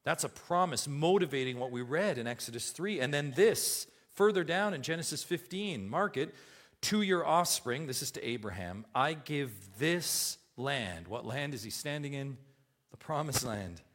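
A man's voice: fairly high pitch, expressive, normal speed. A man preaching an expository sermon, reading scripture aloud and asking his listeners questions, his voice rising and falling in volume. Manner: emphatic, rises and drops in volume, asks the listeners questions. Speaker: pastor.

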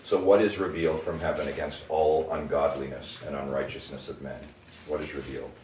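A man's voice: a bass voice, little pitch movement, fairly quick, darkish tone, slight background noise. A man leading a group Bible study. He teaches in an emphatic way and keeps asking the group questions. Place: room with a small group. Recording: echoey room, mic at a distance.

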